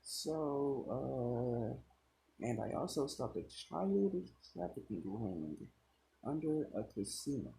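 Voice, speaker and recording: A man voicing an older male detective, a smooth-talking trickster, in a read-aloud fan story. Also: mid-range voice, big pitch swings, slow pace, dark tone, heavily acted, poor audio. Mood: calm. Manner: cheerful fake foreign accent at first, then plain and sighing.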